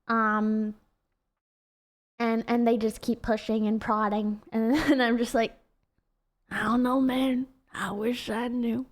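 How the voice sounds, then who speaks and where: A young woman streamer with a very high, childlike voice, chatting casually and giggling as she rambles. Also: a bit bright. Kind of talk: casual livestream chat.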